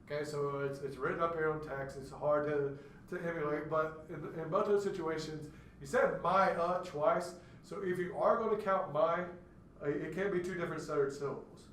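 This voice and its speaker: A man's voice: a little high, steady tone, normal speed, fairly bright tone, a little hiss or hum. A man giving a classroom lecture, explaining step by step and acting out stuttered words to demonstrate. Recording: echoey room, mic far off.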